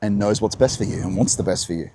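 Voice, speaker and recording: A man's voice: on the low side, fast talker, warm tone, a little hiss or hum. A man hosting a live-streamed talk while walking outdoors, musing and answering his own questions. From Australia. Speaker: host. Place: outdoors by the coast.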